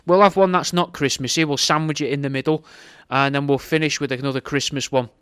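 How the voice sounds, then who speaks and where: A man's voice: on the high side, fairly even intonation, fairly quick, fairly bright tone, clean tone, no echo, studio quality. A British man casually plugging his show as podcast host, laid-back and matey.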